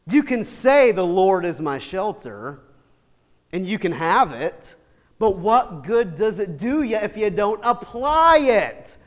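A male pastor preaching a sermon, animated, swinging from loud emphatic bursts to quiet asides with chuckles. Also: extremely high pitch. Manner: animated, shifts from shouting to hushed asides with laughs. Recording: long hall reverb.

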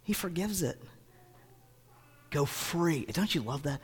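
Lively, animated male preacher in a hall. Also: takes it slowly, slightly rough. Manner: conversational, swings between booming and hushed. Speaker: pastor. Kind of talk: sermon. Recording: echoey hall.

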